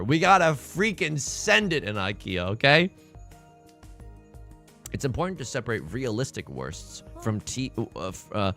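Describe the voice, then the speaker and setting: A young man chatting casually on a livestream as he plays mahjong and reads chat aloud, joking and animated. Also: medium pitch, gravelly. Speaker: streamer playing online mahjong.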